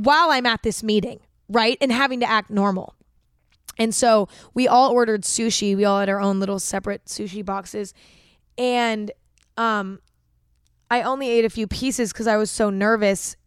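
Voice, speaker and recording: A woman's voice: mid-range voice, smooth, no room sound, clean studio sound. A young woman hosting an advice podcast, telling a personal story in a candid, casual way, swearing freely and filling her speech with "like". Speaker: podcast host giving advice.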